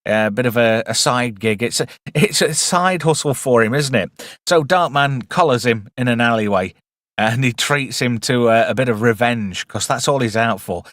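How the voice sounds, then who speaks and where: A man's voice: mid-range voice, normal speed, fairly bright tone, dry recording, studio quality. A man hosting a casual live film review stream, chatty and wry with rambling asides.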